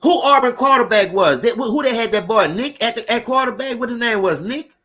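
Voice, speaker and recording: A man with a New Orleans accent, hosting a casual live sports stream, talking loud and profane and chatting with his viewers as he reacts to the game. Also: very high voice, expressive, fairly quick. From Louisiana.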